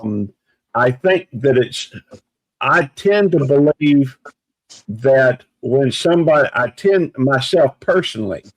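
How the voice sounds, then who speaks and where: A man talking in a casual live chat, measured and reflective, with many pauses and restarts. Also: mid-range voice, expressive, no echo, poor audio.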